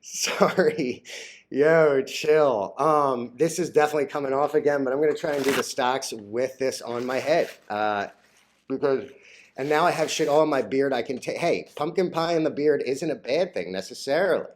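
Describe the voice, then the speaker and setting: A man with a medium-pitched voice vlogs about stocks at a moderate pace, in a crude, rambling, casual rant. He packs it with "like" fillers, laughs at his own jokes and gets flustered easily.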